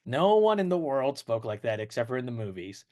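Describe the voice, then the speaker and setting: A man's voice: medium pitch, sing-song, brisk, dark tone. A man co-hosting a podcast in casual chat, rambling and laughing often. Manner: rambling, laughs often, slips into playful voices. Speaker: podcast co-host.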